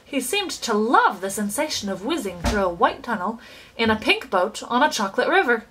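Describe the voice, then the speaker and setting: A woman reading a children's book aloud with expressive, animated storytelling. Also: fairly high pitch, moderate pace, faint music behind, low-quality recording. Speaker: reader.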